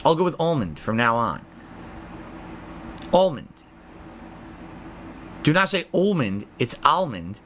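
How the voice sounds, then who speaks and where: A man's voice: on the high side, big pitch swings, takes it slowly, long pauses, a bit bright, a little hiss or hum. A man hosting a live-stream podcast who chats casually with his viewers, reading out their messages and answering them with blunt sarcasm.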